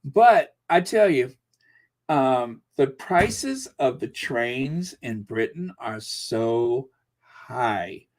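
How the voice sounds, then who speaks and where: A man talks slowly and at ease on a live stream, musing aloud as he reads viewer comments. His voice sits at a middle pitch, and he drifts through fillers and restarts without hurry. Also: expressive. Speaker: channel host reading viewer comments. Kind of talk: casual live-stream chat.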